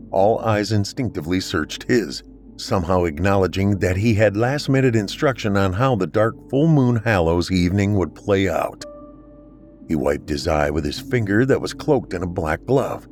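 Deep-voiced male story narrator. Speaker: podcast storyteller. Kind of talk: scripted narration of a horror story.

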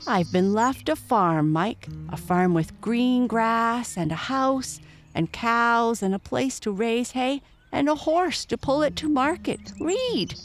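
A woman's voice: on the low side, lively intonation, measured pace, a little mellow. A woman voicing a kindly, worried Irish widowed mother with homely, lilting speech in a storybook reading. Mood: excited.

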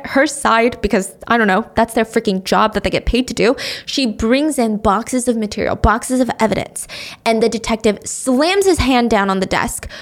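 A woman casually telling a true-crime story to a friend, with indignant, sarcastic asides. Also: on the high side.

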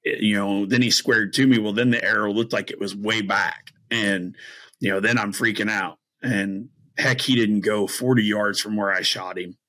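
Low, bright-voiced man telling hunting stories. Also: moderate pace. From Midwest US. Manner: rambling, many fillers and restarts; animated, acts out quoted voices. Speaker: podcast guest, bowhunter. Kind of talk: casual storytelling.

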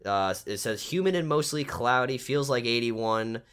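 A man's voice: mid-range voice, expressive, moderate pace, fairly bright tone, smooth. A man giving a rambling weather and trivia segment on a casual sports podcast, filling his talk with "like" and repeats. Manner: rambling, repeats himself with many "like"s.

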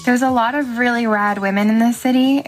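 A woman's voice: a little high, steady tone, a little fast, soft background music. A young woman giving a friend a recorded birthday tribute, gushing and effusive in her admiration.

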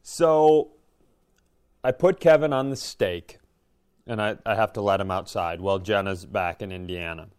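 Middle-aged man, podcast co-host, smooth clear voice, loose rambling storytelling, casual chat. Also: lowish voice, a little slow. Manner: rambling storyteller, animated, swearing.

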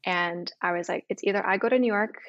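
A woman's voice: medium pitch, quick pace, a bit bright, no echo. Young woman guest, storyteller, casual and chatty, dull dry sound. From Canada. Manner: chatty, full of "like" and quoted dialogue. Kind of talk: storytelling interview.

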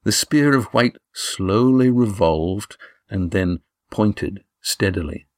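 A man reading a novel aloud as narrator, in a measured, even delivery. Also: fairly low pitch, no room sound, studio quality. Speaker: audiobook narrator. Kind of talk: scripted narration.

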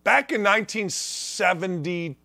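Brief: male sports-radio host in his sixties, high pitched, bright, ranting and mocking, repeats himself. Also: moderate pace, gravelly. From northwest Indiana. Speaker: sports talk show host. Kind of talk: opinionated sports talk monologue.

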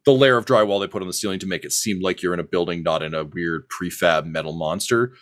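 A man narrating as game master of a tabletop game, casual and halting, with many fillers and restarts. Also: low-pitched. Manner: hesitant, many ums and restarts, casual swearing.

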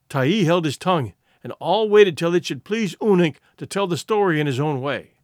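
Male audiobook narrator, high and very animated delivery, dry close sound. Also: moderate pace, dry recording. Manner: expressive storytelling, acting out voices. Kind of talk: scripted narration.

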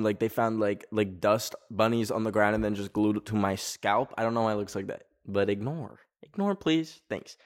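A man hosting a casual chat show from his garage, rambling with lots of fillers and poking fun at himself, sweaty in the summer heat. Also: fairly low pitch. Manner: rambling, filler-heavy, self-mocking. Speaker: podcast host.

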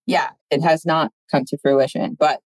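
A woman in her thirties telling a story as a podcast guest, deadpan and drawn out. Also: low voice, no echo, rough recording. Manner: deadpan, drawn-out delivery, puts on voices in anecdotes. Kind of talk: casual chat, storytelling.

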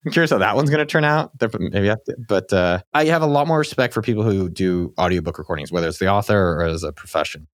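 Male podcast host and author, rapid chatty delivery with a lowish voice, dry close sound. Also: no echo. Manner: quick, animated, self-deprecating. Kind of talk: casual conversation.

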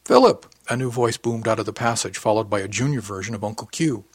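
Husky man reading an audiobook. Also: lowish voice, steady tone, fast, no echo. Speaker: audiobook narrator. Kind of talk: first-person audiobook narration.

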